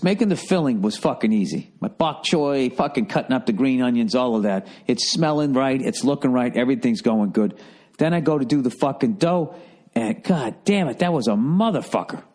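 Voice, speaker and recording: A man's voice: medium pitch, a little mellow. A middle-aged American man telling a rambling, profane comedic story as a podcast host.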